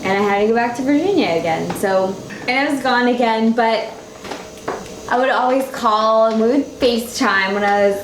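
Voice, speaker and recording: A woman's voice: fairly high pitch, normal speed. Young woman, heartfelt run-on storyteller, tipsy, roomy and noisy. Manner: run-on, heartfelt, restarts often. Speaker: bride telling her love story. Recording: echoey room with clear noise.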